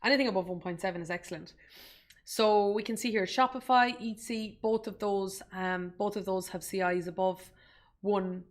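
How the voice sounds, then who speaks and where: A woman's voice: medium pitch, fairly even intonation, moderate pace. A woman hosting a live investing webinar, talking casually, restarting phrases and greeting viewers by name. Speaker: webinar host and investment educator. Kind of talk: live-streamed stock market tutorial.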